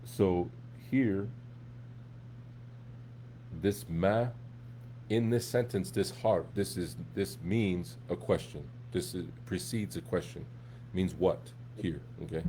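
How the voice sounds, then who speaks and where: Low-voiced man teaching a class. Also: slow, long pauses, warm tone, a little hiss or hum. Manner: conversational, checks in often with "right?" and "okay?". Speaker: Arabic teacher. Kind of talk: live classroom lesson.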